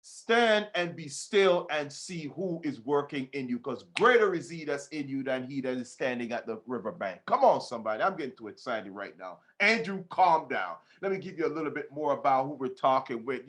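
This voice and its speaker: A man hosting a podcast, talking like a preacher, fervent and swinging between shouts and hushed lines. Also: mid-range voice, lively intonation, a little fast, few pauses. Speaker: podcast host. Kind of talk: preaching-style podcast talk.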